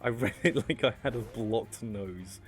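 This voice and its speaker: Man from France, low voice, rambling joking gameplay chatter, desk mic, faint music behind. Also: a little slow. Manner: joking, rambling, answers chat. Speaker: streamer. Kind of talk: casual gameplay commentary.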